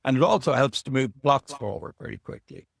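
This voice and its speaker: A man's voice: medium pitch, animated, a little fast, vocal fry, husky, dry recording, studio quality. An Irish man, a guest author, chatting and telling anecdotes in an interview, a little self-deprecating. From Ireland. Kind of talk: relaxed storytelling interview. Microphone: video call.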